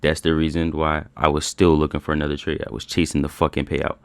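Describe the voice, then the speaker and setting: A man's voice: very deep voice, creaky, dry recording. A young man recapping his trading day in a frustrated rant, swearing often and repeating himself. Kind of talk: frustrated screen-share rant.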